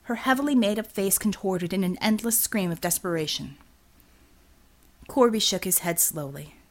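A woman narrating an audiobook with a steady, expressive reading. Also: mid-range voice, moderate pace. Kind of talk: scripted narration.

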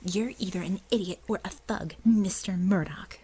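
A woman's voice: mid-range voice, normal speed, warm tone, breathy edge, poor audio. A woman voicing a furious, righteous young woman in an audiobook, hissing her words with clipped scorn. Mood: scornful. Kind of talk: audiobook character voice.

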